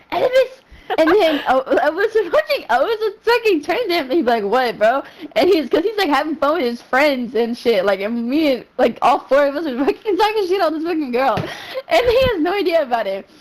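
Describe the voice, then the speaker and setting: A young woman with a high voice tells a rambling story while she streams a game. Her speech is casual, slangy and full of swearing. Her pitch swings widely, and laughter keeps slipping into her talk. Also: fairly quick, poor audio. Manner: slangy, profane, rambling with many fillers; animated, breaks into laughter.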